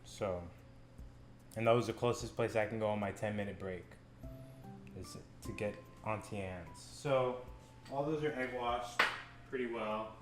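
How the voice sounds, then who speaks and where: A young man hosts a home cooking vlog in an echoey kitchen, faint background music playing under him. He talks slowly and loosely, stumbling over restarts and breaking into excited swearing. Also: lowish voice. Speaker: cooking show host.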